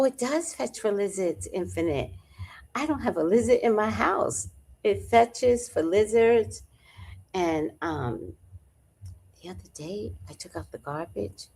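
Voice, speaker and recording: A woman hosting a livestream in casual chat, telling stories in an animated, profane way and answering viewers. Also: deep voice. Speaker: livestream host reading chat.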